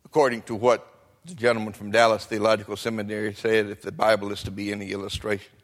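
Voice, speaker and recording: An older man preaching a sermon, swinging between quiet talk and shouting. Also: fairly low pitch, little pitch movement, quick pace. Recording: long echo of a large hall.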